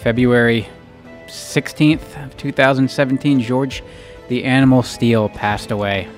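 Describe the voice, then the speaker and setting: A man's voice: mid-range voice, fairly even intonation, a little slow. Guy cohosting a podcast, rambly and jokey, swears a lot, faint music behind. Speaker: podcast co-host. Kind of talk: casual chat.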